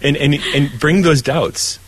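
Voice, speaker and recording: A priest talking earnestly about faith in a relaxed conversation, often restarting his phrases. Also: on the high side, measured pace, husky, poor audio. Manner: earnest, heartfelt, repeats words as he restarts. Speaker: Catholic priest guest. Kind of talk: conversational spiritual talk.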